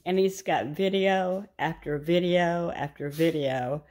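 A middle-aged woman talks casually to her viewers while cooking. She rambles from story to story, laughing often. Her voice sits on the lower side for a woman. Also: takes it slowly, hardly any pauses, a little mellow. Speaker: vlogger.

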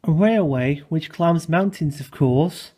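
A man voicing a wise, teasing old storybook engine who speaks firmly and wryly, with a husky voice. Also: fairly high pitch, slow, mellow. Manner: firm, wry.

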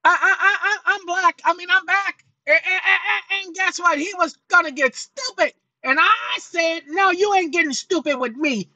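This is a cranky, childish character with a high, bright voice, which a man puts on as his alter ego. He stammers, repeats himself and keeps bickering with someone off-mic. The sound is dry and close. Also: moderate pace, few pauses, dry recording, exaggerated voice. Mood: excited. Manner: excitable, stammering, talks back to an unseen helper. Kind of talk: comic put-on voice on a video channel.

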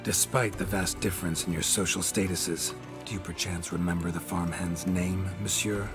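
A gruff monster hunter, voiced by a man in a video game, speaking in short, dry, clipped lines. His voice sits very low and steady. Game music runs underneath him. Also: moderate pace, lightly acted. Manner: terse, dry.

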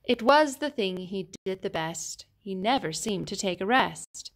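A woman reading a children's picture book aloud in an expressive, sing-song storytelling manner. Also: medium pitch, unhurried. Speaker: storybook reader.

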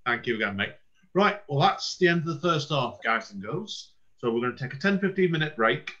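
A man's voice: medium pitch, very animated, a little fast, bright, forceful tone, highs cut off. A man hosting an online open mic, thanking a performer and announcing the break in a casual, chatty way.

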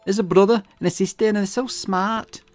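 A man's voice: high-pitched, fairly even intonation, fairly quick, soft background music, pitched above the performer's own voice, natural voice. Man voicing a flustered young fairy-tale lover. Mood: wistful. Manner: flustered and defensive, speeds up when upset. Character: earnest young woman who loves fairy tales.

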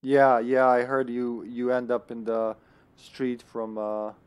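A man giving casual live commentary while playing an online co-op game, thinking aloud and laughing, with sudden excited outbursts. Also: medium pitch, slow pace, clear, resonant tone.

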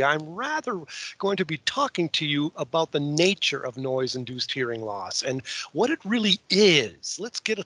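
A Canadian man speaking over a video call, presenting to a webinar audience in a folksy way with joking asides. His voice sits fairly high, and the sound is dry and close with no room around it. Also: fairly bright tone, dry recording. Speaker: guest speaker.

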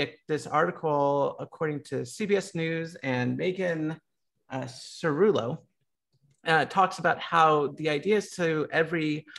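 A man's voice: a little high, vocal fry, a bit bright. An American man on a discussion panel, talking casually with many ums, likes and restarts. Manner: lots of filler words and restarts.

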